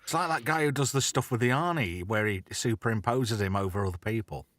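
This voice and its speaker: A man's voice: lowish voice, a little fast, fairly bright tone, dry recording, studio quality. A man hosting a casual online chat show, brash, sweary and mocking in manner. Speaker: radio presenter and stream host.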